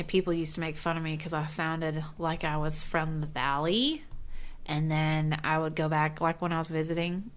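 A woman's voice: deep voice, a bit bright, smooth. A woman co-hosting a podcast, chatting casually and teasing her partner with dry quips. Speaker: podcast co-host. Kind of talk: casual chat.

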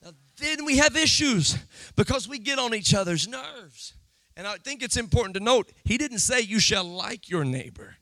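Male preacher, sermon delivery, very high and piercing, dry close sound. Big shouted stretches, hushed asides. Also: lively intonation, no echo. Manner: swings from shouted, drawn-out emphasis to low, quiet asides.

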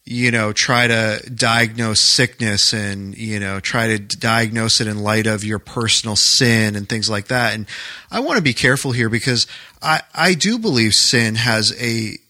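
A man's voice: fairly low pitch, normal speed, sharp tone, no room sound. A man hosting a casual talk about faith, earnest and searching, with frequent fillers.

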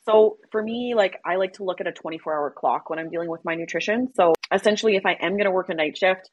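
A woman who works in emergency medical services, chatting casually on a podcast as an animated storyteller who laughs often. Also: on the low side, quick pace, breathy edge, no room sound, lo-fi sound. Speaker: EMS worker.

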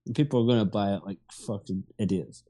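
A man's voice: on the low side, fast talker, warm tone. A man co-hosting a podcast in casual chat, full of crude, mocking banter.

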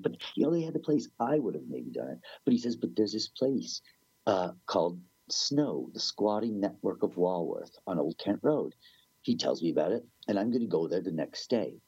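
Rambling man, husky lo-fi. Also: low-pitched, a little fast, no echo. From Canada. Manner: rambling, animated, swears freely, acts out quoted people. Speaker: musician guest. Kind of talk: casual storytelling interview.

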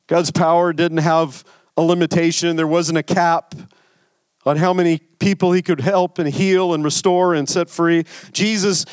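A man's voice: high-pitched, dry recording. A man pastor delivering a sermon in a conversational way, often stammering and repeating words.

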